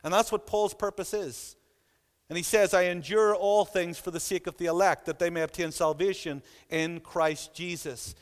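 A man's voice: sits high, steady tone, normal speed, in a large hall. A man preaching a sermon in a church, earnest and emphatic, repeating phrases for weight.

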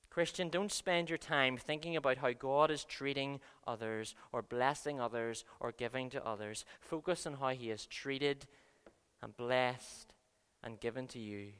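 A man preaching a sermon, earnest, swinging between soft and loud passages. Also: medium pitch, a little slow, clear, resonant tone. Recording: long reverb of a large hall.

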